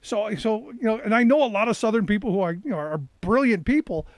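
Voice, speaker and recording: A male talk show host with a high voice asks questions quickly and eagerly, often restarting his words mid-thought. The recording is dry and close. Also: no room sound. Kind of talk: interview questions.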